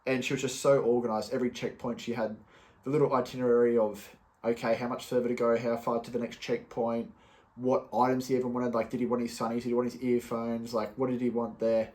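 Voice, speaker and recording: A man's voice: mid-range voice, level tone, quick pace, darkish tone. A young man talking casually on his solo podcast, loose and chatty, with many fillers and restarts. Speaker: podcast host.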